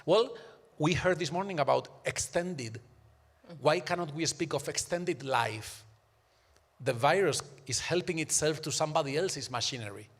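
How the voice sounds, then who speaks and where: A man's voice: a little high, normal speed, long reverb tail. A man speaking on a live symposium panel. He argues emphatically and keeps checking in with his listeners. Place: university auditorium.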